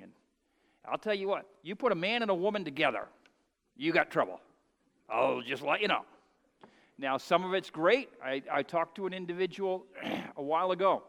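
A man preaching a sermon in a church sanctuary, his voice pitched high for a man. He drops to quiet, hushed asides, then rises to loud, emphatic declarations and has the congregation repeat phrases. The sound carries a long hall reverb. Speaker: pastor.

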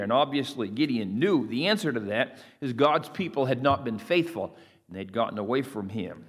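A man's voice: medium pitch, lively intonation, normal speed, slightly rough. A male pastor preaching a sermon, reading scripture with rising emphasis and asking his listeners to repeat phrases after him. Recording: long hall reverb.

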